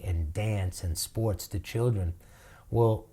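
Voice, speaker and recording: A man talks earnestly about his work and his town, his voice low and warm. He speaks from the heart and fills his thoughts with easygoing "you know"s. The tone is sincere and personal, like a nonprofit leader being interviewed. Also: steady tone, slow pace, slightly rough. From Boston, USA. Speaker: nonprofit director. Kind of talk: interview answers.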